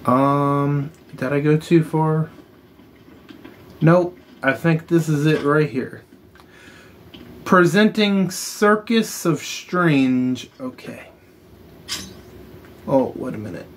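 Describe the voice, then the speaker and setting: A man hosting a gaming channel, chatting casually over gameplay and slowly reading story text aloud with muttered asides. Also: on the high side, fairly even intonation, slight background noise.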